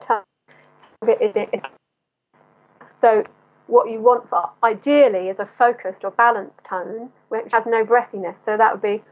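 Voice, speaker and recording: A woman's voice: on the high side, steady tone, normal speed, pauses often. A woman vocal coach explaining singing technique in an interview, in a teaching manner that breaks into short sung demonstrations. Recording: tinny phone-like line.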